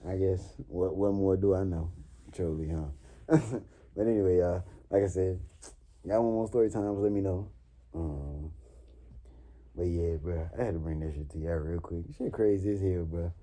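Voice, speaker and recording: Animated young man. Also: low voice, moderate pace. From New Orleans. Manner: animated, swearing, laughs often. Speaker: vlogger. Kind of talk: casual story time monologue.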